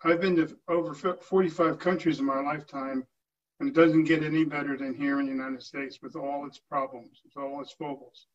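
A man's voice: on the high side, steady tone, a little fast. An older man speaking earnestly at a town hall meeting, often restarting his sentences. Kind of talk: informal address to a meeting. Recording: distant muffled lo-fi recording.

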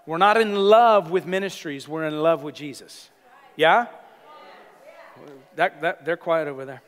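A man with a bright, high-pitched voice preaches a sermon in a Californian accent, animated and conversational, tossing playful asides to his congregation. The sound carries the long reverb of a church hall. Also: unhurried. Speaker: senior pastor. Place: church sanctuary.

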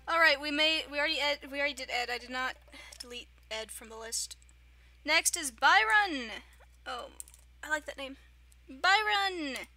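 A woman's voice: high-pitched, normal speed, sharp tone. A young woman giving casual, giggly commentary on her own video game playthrough, often chanting silly catchphrases. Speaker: gaming YouTuber. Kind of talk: casual let's-play commentary.

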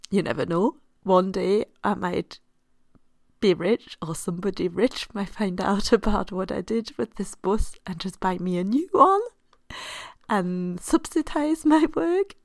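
A woman with a French accent hosting a podcast and giving a playful French language tip, often dropping to a soft near-whisper. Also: fairly low pitch, no echo, studio quality. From France. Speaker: podcast host and French teacher.

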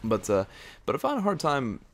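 A man's voice: medium pitch, huge pitch swings, brisk, a little hiss or hum. A young man chatting casually over gameplay footage into a mic right at his face, rambling off topic with lots of "like" and "uh.". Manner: rambling, filler-heavy, off-topic. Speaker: gaming video creator. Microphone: close mic right at his face.

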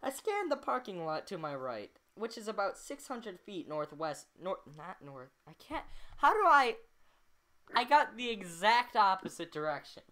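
A woman's voice: mid-range voice, very animated, normal speed, fairly bright tone. A woman reading a novel aloud at home, chatty, stopping to comment on the text and laugh at her own slips. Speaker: amateur reader.

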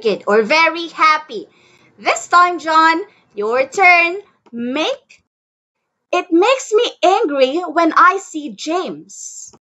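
Lady teaching english online, voice swoops all over, slow and patient, lots of "very good". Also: very high voice, animated, pushed and bright, lo-fi sound. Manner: encouraging, drills words for repeating, praises often. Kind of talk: one-on-one language lesson. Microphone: headset or computer mic on a video call.

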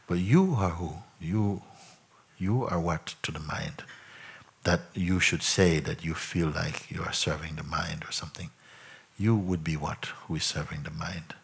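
A man as a spiritual teacher in a satsang, probing a questioner by repeating questions back in slow, reflective phrases. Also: deep voice, creaky, husky. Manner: slow, reflective phrasing with frequent "you know" and "no?". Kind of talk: satsang talk answering a questioner.

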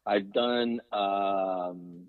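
A man who is a voice actor, calling in by phone and telling lively showbiz stories. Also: sits low, drawn-out words, no room sound. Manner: animated, slips in and out of impressions. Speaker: guest voice actor and impressionist. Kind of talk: casual storytelling on a radio call-in. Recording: dull phone line.

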